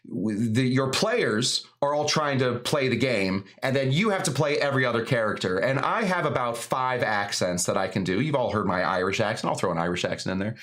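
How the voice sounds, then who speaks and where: Male live-stream host, mid-pitched, rambling and jokey, lots of fillers. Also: fairly bright tone. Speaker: host of a live cocktail show.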